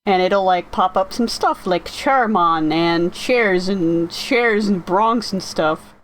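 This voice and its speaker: A woman's voice: mid-range voice, slow pace, poor audio. A woman streaming from home in casual live-stream chat, rambling and often correcting herself with many fillers. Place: home, sitting in a rocking chair.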